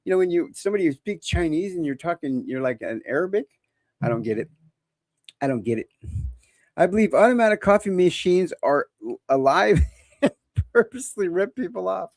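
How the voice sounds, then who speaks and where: A man's voice: sits high, very animated, a little fast, pauses often, a little mellow, dry recording. A man hosting a live call-in show, talking in a casual, opinionated and joking way.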